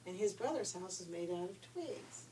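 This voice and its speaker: A woman's voice: fairly low pitch, animated, moderate pace, dark tone. An older woman reading a children's story aloud in a homey, chatty storytelling way. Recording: distant mic, faint hiss.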